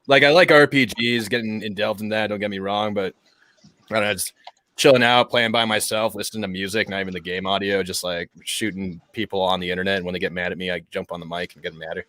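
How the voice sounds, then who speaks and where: A man's voice: low voice, fairly even intonation, pushed and bright, no room sound. A man co-hosting a casual gaming chat, joking and swearing in loose banter. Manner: fast, joking, profane banter. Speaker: co-host.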